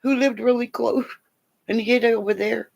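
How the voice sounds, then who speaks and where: A woman chatting casually to viewers on a livestream, rambling and sometimes dropping into soft whispers. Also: fairly high pitch, fairly even intonation, moderate pace, vocal fry. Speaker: livestream host.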